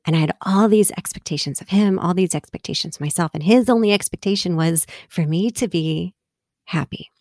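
A woman telling personal stories in a relaxed conversation, laughing often and acting out bits of dialogue as she reflects. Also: lowish voice, no room sound, clean studio sound. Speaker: guest.

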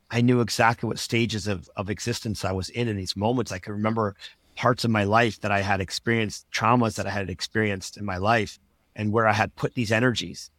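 A man's voice: fairly low pitch, fairly bright tone, no room sound. A man, a podcast guest, telling his personal story in an earnest, reflective way.

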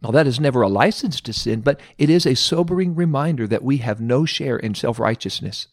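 A man preaching a devotional sermon, pausing for study questions and slowing down to stress key points. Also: medium pitch, lively intonation, no room sound, clean studio sound. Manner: earnest, emphatic, slows down for stress.

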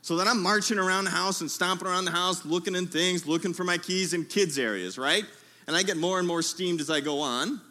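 A man preaching a sermon in a tent, telling a humorous story in a lively way and calling out to his listeners. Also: high-pitched, brisk. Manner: lively, humorous storytelling with audience call-outs. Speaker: pastor.

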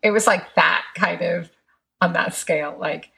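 Low gravelly-voiced woman, candid. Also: measured pace, pushed and bright. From England. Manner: candid, laughs often, swears casually. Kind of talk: candid casual chat.

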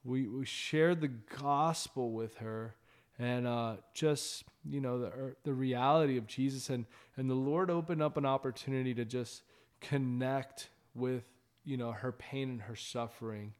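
A man's voice: medium pitch, fairly even intonation, measured pace. A man hosting a ministry show, telling an evangelism testimony in an earnest, rambling way with many fillers and restarts.

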